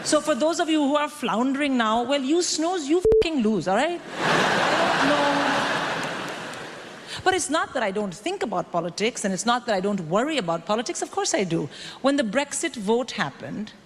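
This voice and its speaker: Woman stand-up comic, forties, brash animated storytelling, live hall echo. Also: sits high, moderate pace. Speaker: stand-up comedian. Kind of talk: stand-up comedy set. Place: comedy stage before a live audience. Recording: stage mic in a reverberant hall with audience noise.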